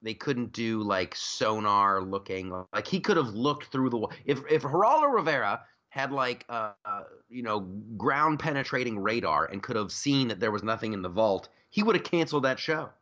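A man's voice: medium pitch, expressive, normal speed, hardly any pauses, bright, forceful tone, muffled recording. A man hosting a podcast, talking politics in a joking, rambling way with lots of restarts. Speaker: podcast host. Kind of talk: casual political chat.

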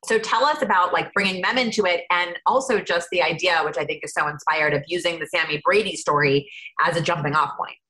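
Woman interviewer, lowish voice, bright tone, curious questions. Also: poor audio. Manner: curious, measured questioning with fillers.

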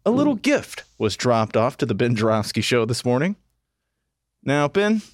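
A man's voice: mid-range voice, no echo, clean studio sound. A man co-hosting a talk show, chatting in a playful, teasing way. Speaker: co-host. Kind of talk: casual talk show chat. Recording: noisy background.

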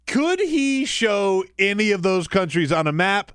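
A man filling in as host of a political talk radio show, joking and animated, laughing easily. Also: sits high, a little slow, slight background noise. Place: radio studio.

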